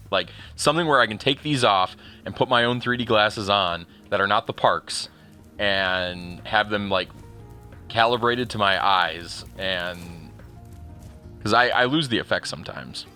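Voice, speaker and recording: A man with a fairly low voice and a bright, edgy tone chats casually on his livestream. He rambles, restarts his sentences and chuckles as he goes, with faint music playing behind him. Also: unhurried. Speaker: streamer. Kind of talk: casual chat while livestreaming a game.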